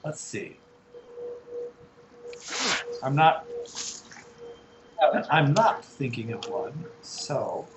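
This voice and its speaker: A man's voice: medium pitch, lively intonation, extremely slow, long pauses, echoey room, noisy background. An American man teaching an English lesson over a video call, patiently sounding out and spelling words.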